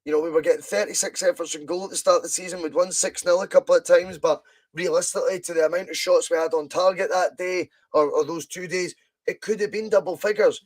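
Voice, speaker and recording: A Scottish man hosting a live football watch-along from home, chatting with viewers and breaking into excited commentary. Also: high-pitched, quick pace. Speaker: podcast host doing live fan commentary.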